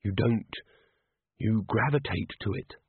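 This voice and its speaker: A man voicing a calm, steady young female watch officer who speaks in a level, deliberate way. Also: lowish voice, slightly rough, no echo. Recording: tinny phone-like audio.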